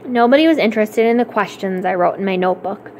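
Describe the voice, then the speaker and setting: Expressive woman reading a novel aloud. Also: mid-range voice, fast talker, slight background noise. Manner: expressive, clear storytelling. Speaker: library storytime reader.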